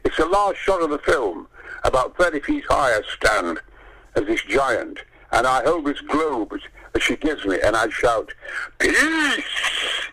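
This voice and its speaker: A man's voice: medium pitch, big pitch swings, normal speed, a bit bright, husky, low-quality recording. An older man telling theatrical show-business stories, swearing freely and acting out the voices of the people in them. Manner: theatrical storyteller, swears often, acts out voices. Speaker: interview guest. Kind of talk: animated anecdote telling.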